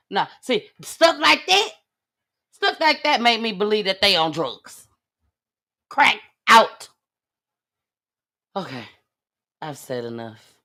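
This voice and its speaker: A woman's voice: mid-range voice, big pitch swings, takes it slowly, long pauses, bright, forceful tone. A woman host giving blunt, outspoken commentary in on a live talk show.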